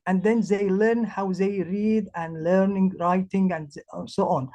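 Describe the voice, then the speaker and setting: A woman who is a language teacher, presenting her project in English, halting and restarting as she searches for words. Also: medium pitch, darkish tone. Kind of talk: presentation talk.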